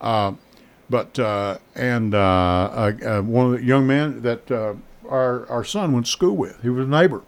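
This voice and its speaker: A man's voice: medium pitch, unhurried, vocal fry, clear, resonant tone. A man hosting a radio talk show, telling rambling stories with many restarts and fillers. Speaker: radio host. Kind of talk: casual radio chat.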